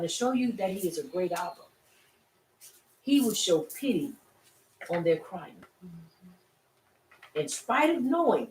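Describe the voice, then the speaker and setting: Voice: medium pitch, big pitch swings, a little slow, pauses often, a little hiss or hum. A Shabbat class teacher preaches to a small congregation, drawing answers from the room with rhetorical questions. The voice sits well back from the microphone in a roomy space. A faint ambience hums underneath. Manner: conversational preaching with rhetorical questions and call-and-response. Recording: echoey room, distant mic, faint ambience.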